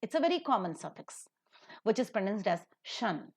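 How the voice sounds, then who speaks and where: A woman lecturing on English word stress over slides, her voice rising and falling with emphasis. She speaks clearly and deliberately, spells endings out letter by letter and repeats each example word. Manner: lively pitch with emphatic stresses. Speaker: English pronunciation teacher.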